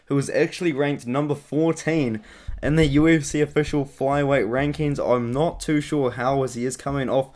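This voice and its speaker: A man's voice: mid-range voice, steady tone, normal speed, darkish tone. Young male vlogger, mid-range voice, loose rambling delivery full of ums, casual predictions. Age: young adult. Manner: chatty, rambling, frequent ums and uhs. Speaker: MMA vlogger. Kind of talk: casual fight-prediction vlog.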